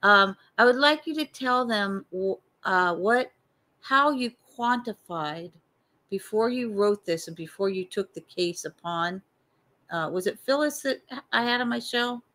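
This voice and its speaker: A woman hosting an interview show over a video call, briskly handling muting before she steers her guest back to a story. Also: mid-range voice, expressive, pushed and bright. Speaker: show host.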